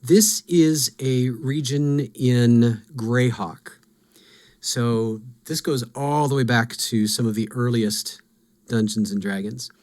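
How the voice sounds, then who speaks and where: A man of middling pitch talks through fantasy game lore as a podcast host. His delivery is casual and musing. He is quick to poke fun at himself over what he does not know. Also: a little mellow. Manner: musing, self-deprecating.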